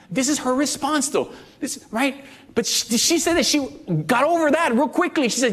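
A man's voice: very high-pitched, moderate pace, a bit bright. A man in his fifties preaching a sermon, talking conversationally, joking and asking the congregation questions. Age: 50s. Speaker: pastor.

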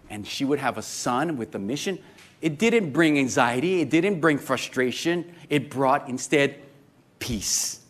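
A man preaching a sermon to a congregation, lively and joking, often asking the crowd questions. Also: a little high. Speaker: pastor.

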